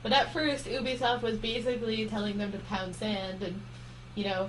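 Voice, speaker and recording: Woman co-host, casual and sweary, low hiss under the voice. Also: level tone, moderate pace, poor audio. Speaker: podcast co-host. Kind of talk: casual chat.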